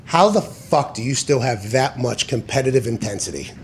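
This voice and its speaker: A man's voice: medium pitch, expressive, normal speed, a little hiss or hum. A man hosting a sports talk show, talking casually in an emphatic, profane way and often correcting himself mid-sentence. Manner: tangents and self-corrections.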